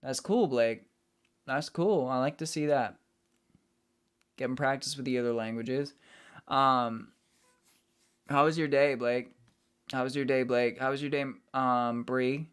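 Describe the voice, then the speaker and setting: A man's voice: mid-range voice, fairly even intonation, unhurried, pauses often, a bit bright, clear, resonant tone. A man streaming, chatting casually with his viewers and greeting them as he reads the chat. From United States.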